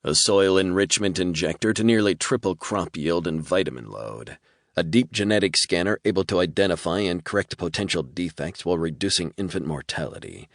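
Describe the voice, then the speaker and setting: Deep-voiced male audiobook narrator. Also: animated, fairly quick, dry recording, clean studio sound. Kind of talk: scripted narration.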